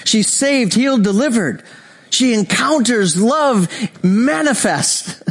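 Animated high-voiced male preacher. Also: takes it slowly, breathy edge. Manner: animated storytelling, acts out voices, laughs often. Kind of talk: sermon.

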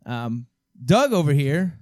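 A man's voice: on the high side, very animated, takes it slowly, darkish tone, no room sound. A young man runs a casual chat show in a slightly raised voice, joking loosely and tripping over names as he goes. The sound is dry, with no room around him. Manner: loose and joking, stumbles through introductions. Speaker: podcast host.

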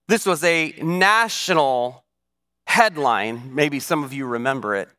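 A man preaching a sermon as pastor at a church service, telling a story in an animated way with dramatic shifts in volume. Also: a little high, a little slow.

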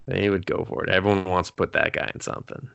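Man, bright voice, fairly low pitch, dry close sound, loose profane casual chat. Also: little pitch movement, creaky, clear, resonant tone, dry recording, muffled recording. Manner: loose, profane, quick asides. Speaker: podcast co-host.

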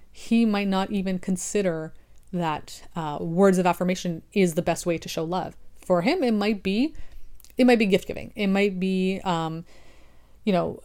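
A woman's voice: lowish voice, a little mellow. A young adult woman, an online creator, talking through her thoughts in a casual, rambling monologue full of restarts.

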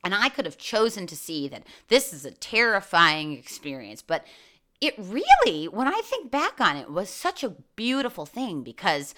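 A woman's voice: medium pitch, sharp tone. A woman vlogger talking candidly about a road trip and anxiety, swearing freely and getting fired up.

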